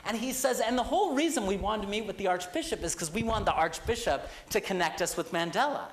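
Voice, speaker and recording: A young man, a guest lecturer, telling a story to a university class with lively quoted voices. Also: high-pitched, quick pace, rough recording. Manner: animated anecdote with quoted voices. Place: lecture hall.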